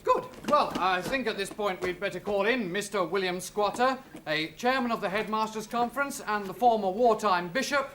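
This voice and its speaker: A man's voice: high-pitched, moderate pace, few pauses, sharp tone. A man playing a flustered, stammering current-affairs TV presenter in a 1960s TV sketch. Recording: hissy old TV recording.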